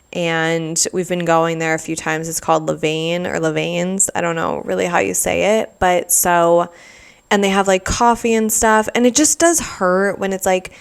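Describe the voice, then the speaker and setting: A woman's voice: lowish voice, creaky, clean tone. A young woman hosting her own podcast, rambling casually with lots of "like" and sarcastic asides. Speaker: podcast host. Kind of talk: casual solo podcast chat.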